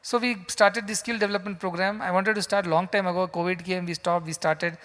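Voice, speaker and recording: A man's voice: high-pitched, little pitch movement, fairly quick, fairly bright tone. A man giving a sermon as a spiritual teacher in a large hall, emphatic and full of rhetorical questions. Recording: long hall reverb.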